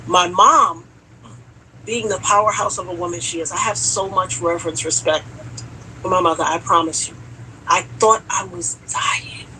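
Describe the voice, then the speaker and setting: A woman's voice: lowish voice, normal speed, slight background noise, rough recording. A woman telling a dramatic personal story in a casual chat, acting out what people said. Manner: dramatic, animated storyteller who acts out quotes.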